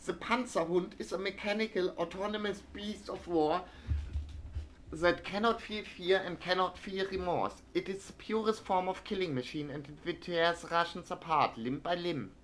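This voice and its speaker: A man's voice: sits high, fairly even intonation, moderate pace, a bit bright. A man in the middle of a stream, reading printed game text aloud in a plain voice and then musing about it. His asides wander and stall on fillers and restarts, and his comments come out dry and wry, with a light hiss behind him. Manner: hesitant, filler-heavy asides between readings.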